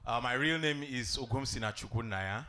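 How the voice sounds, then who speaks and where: A man's voice: mid-range voice, normal speed, noisy background. A man from Nigeria doing a wry stand-up set, starting his lines with hesitant uhs. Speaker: stand-up comedian. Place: comedy club stage with audience.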